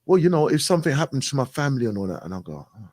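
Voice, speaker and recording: A man tells a story in a loose, chatty way. He acts out both sides of an old conversation and keeps checking in with "right?". His mid-pitched voice sounds dry and close. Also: sing-song, very fast, a little mellow, no room sound. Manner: repetitive, frequent "right?" and "I goes". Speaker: radio show guest. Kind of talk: casual storytelling.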